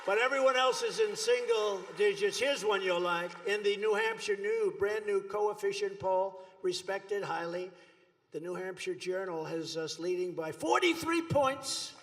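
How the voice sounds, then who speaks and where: A man's voice: high voice, expressive, measured pace, fairly bright tone. An American man in his seventies, giving a rambling, boastful and mocking speech at a political rally in a large venue. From United States. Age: 70s. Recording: long reverb of a big rally hall.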